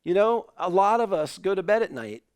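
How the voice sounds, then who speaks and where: A man preaching an online sermon in a relaxed, conversational way, telling a family story with animated asides. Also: sits high, brisk, no room sound. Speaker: pastor.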